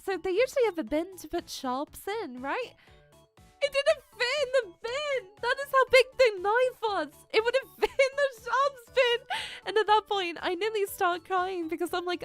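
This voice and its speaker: Very high-pitched animated young woman streamer. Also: moderate pace, faint music behind. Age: young adult. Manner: animated storytelling, laughs often, dramatic. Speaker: VTuber streamer. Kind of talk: casual chat to stream viewers.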